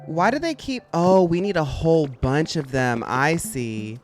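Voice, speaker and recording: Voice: medium pitch, lively intonation, unhurried, faint music behind. A streamer chatting casually while playing a game, giggling and tossing out slangy asides.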